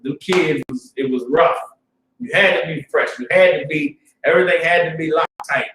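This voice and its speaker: Preaching to a religious class, a man with a fairly high voice keeps a steady tone and moderate pace, streetwise and casual, checking in with "you understand?" and moving from muttering to loud bursts. He's captured at a distance, well back from the mic, in a roomy, echoing space.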